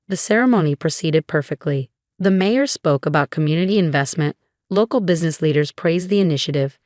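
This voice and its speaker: A woman reading a first-person revenge story in an even, measured narration. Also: fairly low pitch, no room sound, clean studio sound.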